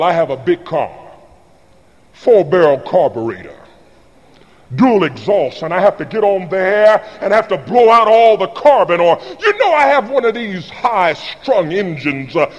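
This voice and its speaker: A man preaching to his congregation with a high, lively voice that climbs and swoops from line to line. He calls out for answers and acts out little everyday scenes, and his words ring through a big hall with a long reverb. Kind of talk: sermon with call-and-response. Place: large hall or church.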